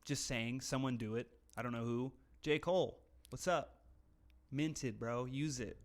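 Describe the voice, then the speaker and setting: A man's voice: medium pitch, steady tone, moderate pace. Young american guy on a podcast, crude and jokey, reading out slang lists. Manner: crude, joking, reads slang lists aloud. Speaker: podcast co-host. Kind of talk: casual chat.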